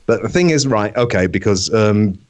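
A man's voice: on the low side, lively intonation, moderate pace, darkish tone, close to an everyday voice. A man playing Chloe, a crude, boastful baby with an inverted face, in a rambling comic monologue full of swearing. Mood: deadpan. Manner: swearing, rambling, giggling mid-line.

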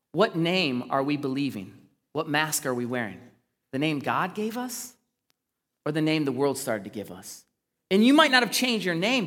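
Earnest male preacher with a slightly high voice, moving from loud emphasis to hushed asides, heard in a reverberant church hall. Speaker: pastor. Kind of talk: sermon.

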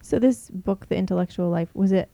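Curious woman with a gravelly voice. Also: medium pitch, a little fast, mellow, no echo. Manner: curious, questioning. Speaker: podcast co-host asking questions. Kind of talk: casual chat.

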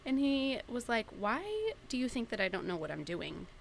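A woman's voice: on the high side, huge pitch swings, normal speed, gravelly, crowd noise. A woman on a podcast telling a story about a small marital argument, acting out both sides of it in quoted dialogue. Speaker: podcast co-host. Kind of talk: casual chat.

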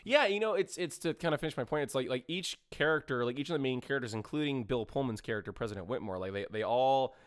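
Fast-talking man rambling on a podcast. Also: mid-range voice, expressive, clear, resonant tone, dry recording, clean studio sound. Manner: rapid, rambling, profane, with lots of fillers. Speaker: podcast co-host. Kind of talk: casual podcast chat about movies.

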